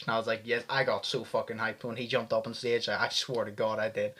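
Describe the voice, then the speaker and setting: A young man from the UK giving a casual, excitable reaction commentary full of swearing. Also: on the low side, brisk, hardly any pauses. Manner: animated, heavy swearing, fired up. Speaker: vlogger reacting to press conferences.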